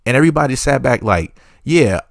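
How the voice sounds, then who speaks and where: Guy doing celebrity gossip, sarcastic and rambly, mid-pitch voice, dry close sound. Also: expressive, a little fast, fairly bright tone, no room sound. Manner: rambling, sarcastic, stacks mock disclaimers. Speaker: entertainment reporter. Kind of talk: gossip commentary.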